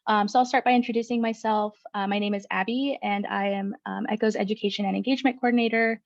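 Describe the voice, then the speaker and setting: A woman's voice: mid-range voice, fairly even intonation, fast talker, no echo. Woman presenting over a dull video call. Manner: many filler ums. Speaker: education coordinator. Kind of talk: casual presentation.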